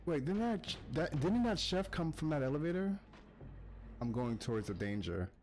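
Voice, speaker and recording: A man from the United States giving excitable gameplay commentary, talking to the characters on screen and chanting quick urges to keep going. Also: a little high. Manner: excitable, talks to the game characters, chants urgent repeats. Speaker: gaming YouTuber.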